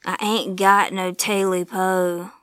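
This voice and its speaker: A woman voicing a gruff, desperate old backwoods man in a spoken ghost story, shouting his lines. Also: lowish voice, level tone, slow, no echo, studio quality. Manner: shouting, agitated.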